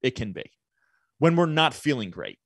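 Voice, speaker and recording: A man's voice: mid-range voice, huge pitch swings, normal speed, creaky, no echo, clean studio sound. A man guesting on a podcast, explaining ideas thoughtfully with everyday analogies. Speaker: podcast guest, business owner. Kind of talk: reflective conversational interview.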